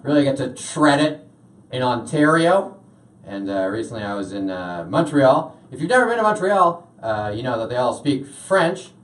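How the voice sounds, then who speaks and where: The recording is echoey, with the voice distant: a young comedian rambling through a stand-up set in a small washroom serving as a stage, dropping plenty of filler uhs. He speaks at a moderate pace in a sing-song, medium-pitched voice.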